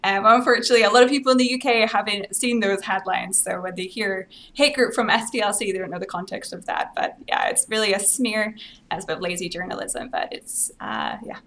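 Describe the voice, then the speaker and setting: A woman's voice: medium pitch, fairly quick, fairly bright tone. A young woman from Scotland whose accent sounds somewhat American, explaining her views earnestly and steadily as a podcast guest. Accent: Scottish with an American-sounding lilt. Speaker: guest advocate. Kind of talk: podcast interview.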